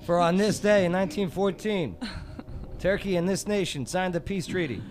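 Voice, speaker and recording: A man's voice: high voice, normal speed, darkish tone. A man hosting a radio show, playfully setting up pun riddles for his co-hosts. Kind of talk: joking trivia banter.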